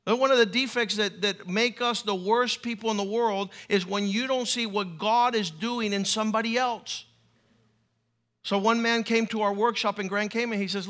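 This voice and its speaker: A man's voice: high-pitched, steady tone, normal speed, bright, forceful tone. A man pastor preaching a sermon in an emphatic, humorous way.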